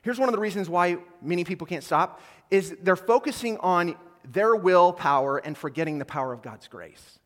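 A man preaching a sermon as a pastor, animated, acting out quoted voices and swinging between quiet and loud passages. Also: high voice, normal speed, few pauses, big-room sound. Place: church auditorium.

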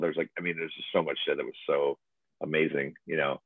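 Deep-voiced man on a tinny phone line. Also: fast, no room sound. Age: late 40s. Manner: rambling, profane, excitable. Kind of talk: casual chat.

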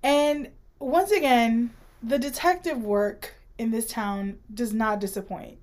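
A woman's voice: on the high side, slow pace, a little mellow. A woman co-hosting a podcast, chatting casually with wry, sarcastic asides and slangy phrasing. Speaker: podcast co-host. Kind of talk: casual chat.

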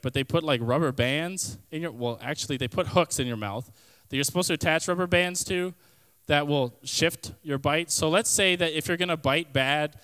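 A man's voice: on the high side, fairly bright tone, clean tone. A young man preaching a youth sermon in a casual, storytelling way, full of "like" and comic asides. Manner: frequent fillers like "like" and "kinda". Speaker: youth pastor.

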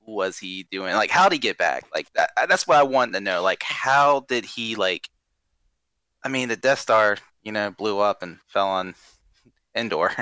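Man, casual chat, laid back, low smooth voice, dry close sound. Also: animated, a little slow, bright, forceful tone, no room sound, rough recording. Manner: laid-back, laughing, filler-heavy. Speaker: podcast panelist.

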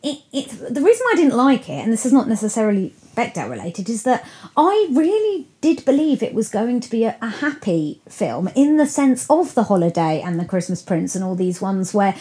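A woman hosting a podcast, chatting about films in an animated way with frequent laughter. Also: on the high side, brisk. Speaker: podcast host. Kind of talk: casual film chat.

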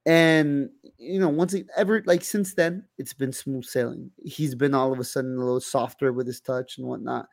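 A young man with a gravelly, fry-edged voice chats casually as a podcast co-host. He talks loosely and swears a lot, full of "like" and "you know". The sound is dry and close. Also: medium pitch, fairly even intonation, normal speed, few pauses, no room sound. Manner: loose, heavy swearing, many fillers and restarts. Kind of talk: casual chat.

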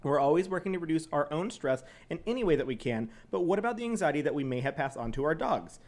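A man's voice: on the high side, expressive, fast talker, darkish tone. A man co-hosting a casual podcast, laughing often and reading an ad. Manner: giggly, playful, laughs often. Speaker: podcast co-host. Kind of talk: casual chat with ad read.

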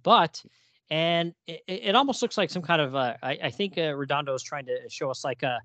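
A man hosting a casual podcast chat about comics, animated and reading dialogue aloud. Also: on the high side, fairly quick, no echo. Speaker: podcast host.

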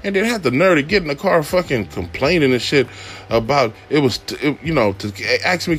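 A man, a father and rideshare driver, telling a profane comic story, shouting high then muttering low. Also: wildly swooping pitch, normal speed, breathy edge. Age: adult father.

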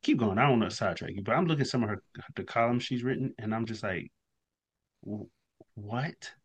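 A man's voice: mid-range voice, racing, husky. Incredulous man in casual chat. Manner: blunt, incredulous reactions. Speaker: podcast co-host.

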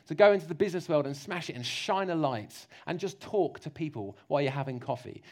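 A man preaching a sermon. He talks in a lively, joking way and acts out little mock voices. His voice sits a bit high.

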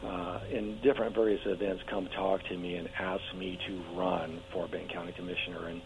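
A man running for local office, talking eagerly in a radio interview, hoarse and losing his voice, with frequent restarts and fillers. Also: low-pitched, little pitch movement, fairly quick, hardly any pauses. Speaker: political candidate guest. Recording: tinny phone line with faint hum.

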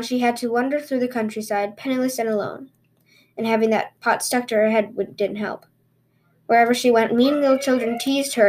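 A woman reads fairy tales aloud for her podcast in a slightly high voice. She tells the story expressively, with the odd stumble and restart. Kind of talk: fairy tale reading.

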